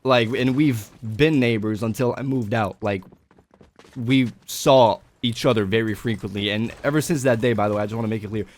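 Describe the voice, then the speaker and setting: A young adult man telling a personal story in a casual vlog, animated and swearing. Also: medium pitch, moderate pace. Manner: animated, swearing, breaks into laughter. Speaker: vlogger.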